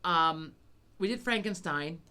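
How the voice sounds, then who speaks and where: A woman's voice: on the low side, expressive, unhurried, bright, forceful tone, clean tone. A middle-aged woman co-hosting a chat podcast, rambling casually and swearing a lot, with many fillers and restarts. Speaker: podcast co-host.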